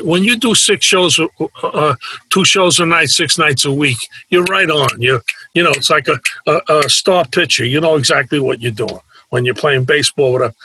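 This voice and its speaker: A man's voice: a little high, sharp tone, husky, no room sound, poor audio. A man telling stories as an interview guest, a brash wisecracker who acts out the people he quotes. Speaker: guest, actor and nightclub performer. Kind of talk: casual anecdotal storytelling.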